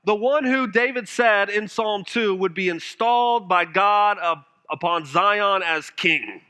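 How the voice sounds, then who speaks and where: A man preaching a sermon with passion, now and then dropping his voice to a hush for emphasis. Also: unhurried, smooth. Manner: impassioned preaching, dropping to hushed low phrases for emphasis. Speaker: pastor.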